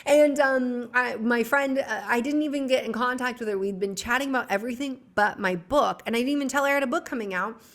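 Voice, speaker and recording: A woman doctor and author, a guest in a casual podcast conversation, speaking as a chatty storyteller with quick asides. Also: on the high side.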